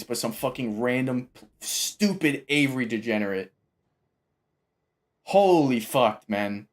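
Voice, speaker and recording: Frustrated gamer man, lively pitch. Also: measured pace, long pauses, faint music behind. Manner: frustrated, profane ranting at teammates. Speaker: gamer playing online with teammates. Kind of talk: live gameplay commentary.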